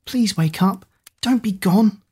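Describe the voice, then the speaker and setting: A woman narrator voicing an anxious, earnest teenage girl who speaks urgently and a little higher. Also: slow, dark tone, slightly rough.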